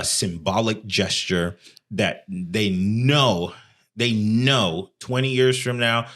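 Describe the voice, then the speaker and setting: Low-voiced man drawling in casual chat. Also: a bit bright. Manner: slow and drawling, trails off into low asides. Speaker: podcast co-host.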